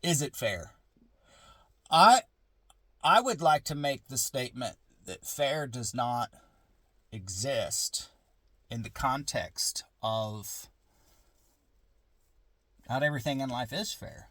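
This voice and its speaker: A man's voice: medium pitch, animated, slow pace, pauses often, a bit bright, no echo. A middle-aged man vlogging from a parked car in his garage, musing in a rambling, casual way with restarts and asides.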